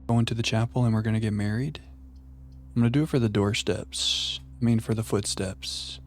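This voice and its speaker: Gravelly-voiced man streaming a game. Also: fairly low pitch, steady tone, normal speed, a little hiss or hum. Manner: playful, chatting to viewers while musing aloud. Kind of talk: live gameplay commentary.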